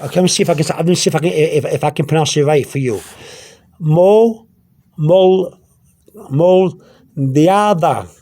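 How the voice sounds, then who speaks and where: A man's voice: on the high side, very fast, hardly any pauses, a little mellow, breathy edge. A man giving an informal language lesson, pointing things out on a product label, often stopping, repeating words and checking in with "okay?". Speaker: language teacher.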